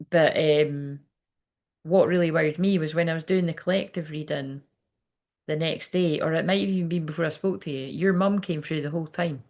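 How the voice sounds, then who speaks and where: A chatty woman with a gravelly, creaky edge to her voice, talking in a loose, rambling way. She works as a medium giving a live reading, laughs easily and swears without a second thought. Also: sits low, darkish tone. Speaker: psychic medium. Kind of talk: casual live reading chat.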